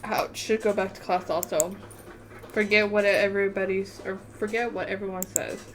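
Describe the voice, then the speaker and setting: A woman's voice: medium pitch, steady tone, moderate pace, slight background noise, lightly acted. A woman reading the lines of a kind teenage schoolgirl friend in a story game, in a plain, reassuring tone.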